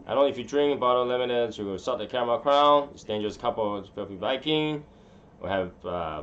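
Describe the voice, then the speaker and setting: A man's voice: mid-range voice, fairly quick, fairly bright tone, muffled recording, a little hiss or hum. A man hosting a casual live stream, rambling and muttering to himself as he fiddles with his settings in a room at home. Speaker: livestream host.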